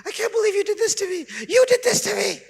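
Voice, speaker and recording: A man's voice: very high voice, quick pace, creaky, big-room sound, pitched above the performer's own voice. A man voicing a melodramatic adult sister who sobs with over-the-top distress. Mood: melodramatic sobbing.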